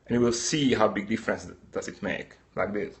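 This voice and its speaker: This Slovak man's voice sits on the lower side and moves a little fast, carrying a Slovak-Hungarian accent. He hosts a live coffee-brewing stream, chatting casually and replying to viewer comments.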